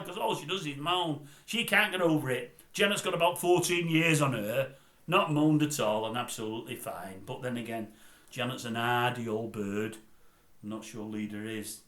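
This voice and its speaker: A grumpy, sarcastic middle-aged man rambles through showbiz gossip like a comic host. His voice is bright and forceful. It rings in a roomy, echoey space. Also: a little high. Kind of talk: comedic celebrity gossip monologue. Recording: roomy echo.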